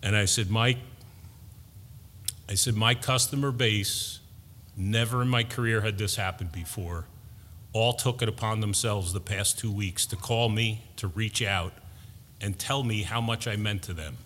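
Middle-aged male preacher, bright forceful tone, deliberate sermon delivery, reverberant hall. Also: lowish voice, slight background noise. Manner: slow, deliberate preaching with emphatic builds.

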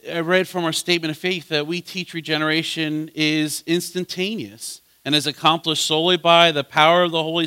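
Animated questioning male pastor. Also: a little high, clean tone. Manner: questioning, animated swings from loud to soft. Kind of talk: bible study teaching.

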